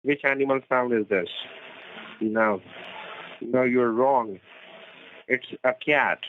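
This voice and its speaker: Slow, insistent man on a tinny phone. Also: mid-range voice, a little hiss or hum. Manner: insistent, halting, instructive, broken phrasing. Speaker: phone scammer. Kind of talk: phone call.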